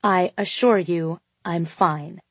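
Give me a woman reading a cool, sharp-tongued young woman, slow and deliberate, with a lowish tone. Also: breathy edge, dry recording. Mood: cool, cutting.

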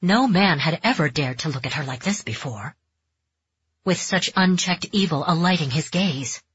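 A woman narrating a dark fantasy audiobook in measured, tense storytelling. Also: sits low, expressive, slightly rough, no room sound. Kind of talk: scripted narration. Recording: dull, dry close recording.

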